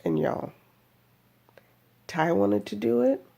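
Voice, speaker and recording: A woman's voice: mid-range voice, animated, slow, gravelly, mellow. A woman giving a chatty, rambling personal video update, laughing often as she talks. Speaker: vlogger.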